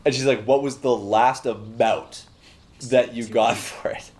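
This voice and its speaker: A man's voice: mid-range voice, steady tone, measured pace, darkish tone. A young man from Canada, co-hosting a podcast, telling a story in casual chat. He swears freely and acts out the voices of the people he quotes. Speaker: podcast co-host.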